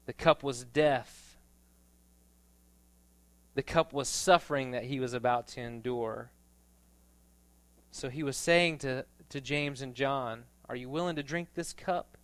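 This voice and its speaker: A man preaching a sermon in a conversational storytelling way, rising to loud emphatic passages. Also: medium pitch, fairly even intonation, measured pace, clean tone. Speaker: pastor.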